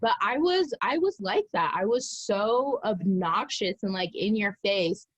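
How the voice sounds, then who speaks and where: A woman's voice: medium pitch, lively intonation, a little slow, slightly rough, no room sound, low-quality recording. A woman guest telling her own story candidly and animatedly, acting out her past self.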